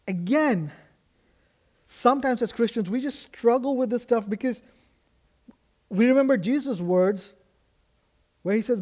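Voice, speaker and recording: A man's voice: high voice, a little mellow. A man preaching a sermon as a guest pastor in a church, earnest and emphatic, with frequent restarts. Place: church sanctuary.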